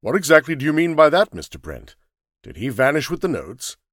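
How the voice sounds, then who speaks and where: Man reading burly detective, blunt, curious, lively pitch, dry sound. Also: fairly quick, dry recording. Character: heavily built, dull-looking male detective. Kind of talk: audiobook character reading.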